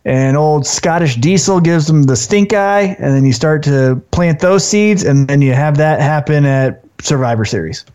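A man with a slightly high voice, chatting about wrestling in an animated way. Now and then he slips into quick put-on voices for the wrestlers. The recording is muffled and lo-fi. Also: clean tone. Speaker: podcast co-host. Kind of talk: casual wrestling chat. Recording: dull lo-fi sound.

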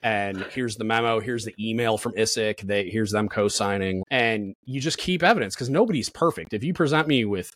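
A man's voice: lowish voice, moderate pace, few pauses, fairly bright tone, no room sound. A man in his thirties, a podcast guest, telling work stories in casual chat with lots of fillers and swearing. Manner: blunt, profane, storytelling with lots of fillers.

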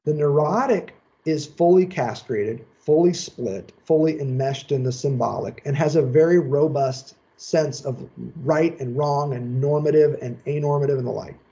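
A man giving a seminar lecture in a measured, emphatic, explanatory way. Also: fairly high pitch, warm tone, highs cut off. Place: lecture session.

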